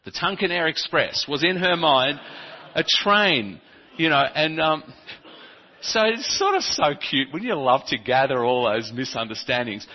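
A man preaching a sermon, telling funny childhood stories with some stumbles and speaking softly in the reflective passages. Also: fairly high pitch, a little slow. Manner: humorous, animated storytelling with stumbles. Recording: dull, reverberant hall recording.

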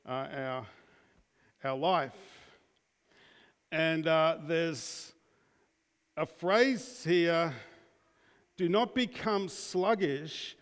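An Australian man giving a casual sermon to his congregation, talking informally with many restarts and often putting questions to the room. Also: on the high side. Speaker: preacher. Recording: long hall reverb.

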